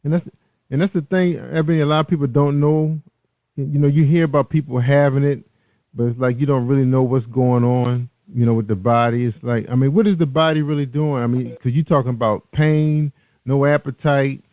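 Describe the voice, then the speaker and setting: A man's voice: medium pitch, fairly even intonation, brisk, no room sound, highs cut off. A man hosting a radio interview, asking his guest reflective, probing questions. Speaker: radio show host.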